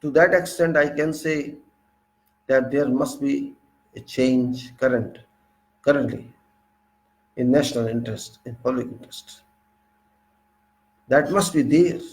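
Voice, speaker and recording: A man's voice: mid-range voice, a little slow, pauses often, poor audio. A man with an Indian English accent giving an indignant political monologue, full of rhetorical questions and repeated phrases. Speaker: political commentator.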